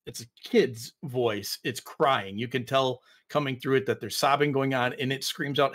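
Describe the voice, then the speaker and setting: A man's voice: mid-range voice, fairly even intonation, moderate pace, few pauses, a bit bright. A man running a tabletop game as game master, narrating casually with fillers and restarts.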